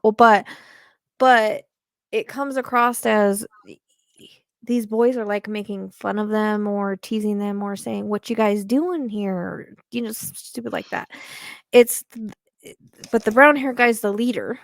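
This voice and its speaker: Creaky-voiced woman doing a rambling psychic reading. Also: mid-range voice, fairly even intonation, a little slow, no echo, studio quality. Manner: hesitant, rambling with many fillers. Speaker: psychic medium.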